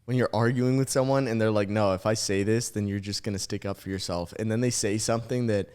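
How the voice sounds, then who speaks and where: A man's voice: on the low side, fairly even intonation, quick pace, a little mellow, clean tone. Young male podcast co-host. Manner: sums up and riffs on the story, jokes with the teller. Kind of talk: casual podcast chat.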